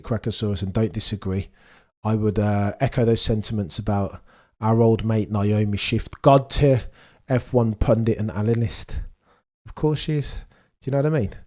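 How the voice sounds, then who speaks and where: A man hosting a live stream before a race, chatting casually with viewers, with a stuffy nose as he recovers from illness. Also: on the low side. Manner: chatty, banters with chat, bursts of excitement. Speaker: live-stream host reading chat.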